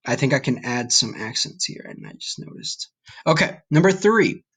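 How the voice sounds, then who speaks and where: A man's voice: mid-range voice, big pitch swings, moderate pace, a bit bright, slightly rough. A man teaching a recorded Spanish vocabulary lesson, patient and encouraging, often checking in with "okay?".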